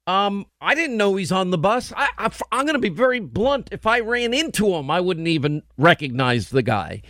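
Fairly high-voiced male host, blunt and animated, dry close mic. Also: no echo. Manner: blunt, animated storytelling with quoted asides. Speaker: radio and TV host. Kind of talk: casual on-air banter.

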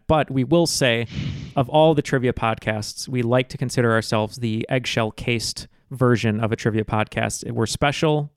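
A man hosting a trivia podcast in casual chat, relaxed and filler-heavy. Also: medium pitch, smooth, dry recording, clean studio sound.

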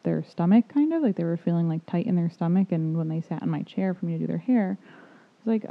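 A woman's voice: fairly low pitch, fast. A woman in casual chat, hesitant and full of fillers, with blunt short asides. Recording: tinny phone-like line.

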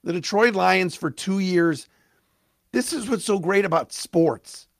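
Man, sports podcast host, excited rant, cracking voice, dry close sound. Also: high voice, creaky, no echo. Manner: fired-up, rapid, stumbling restarts.

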